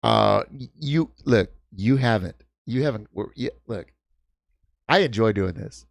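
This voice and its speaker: Gravelly, ranting man in his fifties. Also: on the low side, lively intonation, unhurried, dry recording. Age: 50s. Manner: swearing, ranting, stumbling restarts. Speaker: livestream host. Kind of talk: heated casual stream chat. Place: home in New York.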